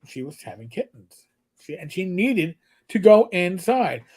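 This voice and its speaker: A man co-hosting a casual livestream chat, an animated storyteller who often restarts his sentences and reads viewer comments aloud. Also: high voice, measured pace, slightly rough. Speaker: livestream co-host.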